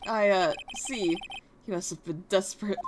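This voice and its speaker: A woman voicing a calm young male defense attorney with measured, dry questioning. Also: mid-range voice, background noise, pitched below the performer's own voice, natural voice.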